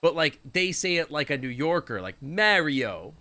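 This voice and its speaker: A man's voice: fairly high pitch, expressive, a little fast, bright, forceful tone, smooth. A Canadian man streaming a game live, rambling and joking with his viewers. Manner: rambling, jokey, chatting with viewers.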